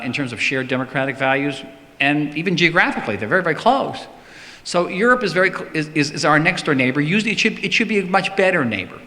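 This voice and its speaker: A man's voice: medium pitch, sharp tone. A man answering audience questions in a public talk, emphatic and often repeating words for stress. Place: synagogue hall. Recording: long hall reverb.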